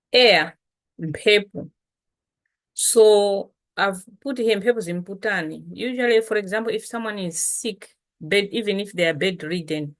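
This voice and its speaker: Middle-aged woman, low voice, laid-back chatty teacher. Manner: relaxed, chatty, slow after lunch. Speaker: language teacher. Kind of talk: casual language lesson.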